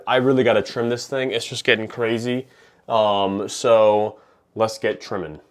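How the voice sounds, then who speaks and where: A young man from New Hampshire chatting to camera in a casual home vlog, joking as he works. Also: fairly low pitch. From New Hampshire, USA. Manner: chatty, jokey, talks to camera while working. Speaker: fish-keeping vlogger. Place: home basement and rooms.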